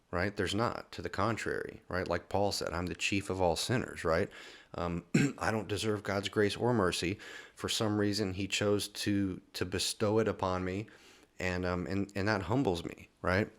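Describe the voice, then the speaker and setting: A man with a fairly low voice walks listeners through a daily Bible reading in a relaxed, conversational way. He reads a verse, then unpacks it in everyday words, tagging his points with a questioning "right?" and often restarting his sentences. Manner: reads scripture aloud, then explains in plain terms. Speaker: Bible teacher. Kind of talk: informal Bible study talk.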